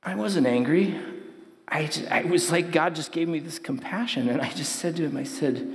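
Man, youth sermon, conversational, high voice, long reverb. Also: moderate pace, vocal fry. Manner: conversational storytelling, acts out quotes. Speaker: youth pastor. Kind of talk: sermon to young people.

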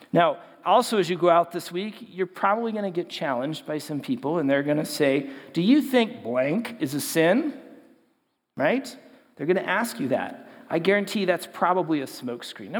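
Youth preacher, male, high tenor voice, chatty storyteller, hall echo behind him. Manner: conversational storytelling, acts out quotes. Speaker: youth pastor. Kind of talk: sermon to young people. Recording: long hall reverb.

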